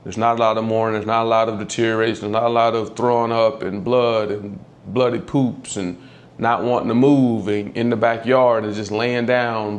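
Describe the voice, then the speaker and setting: A man telling the story of losing his old dog, candid and halting, often close to tears as his voice drops. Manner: candid, halting, swears, voice drops low when upset. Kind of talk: emotional personal storytelling.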